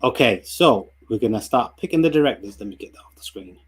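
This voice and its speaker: British male host, mid pitch, relaxed and rambling livestream chat. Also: a little fast, breathy edge. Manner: loose, rambling, full of ums and restarts. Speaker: stream host.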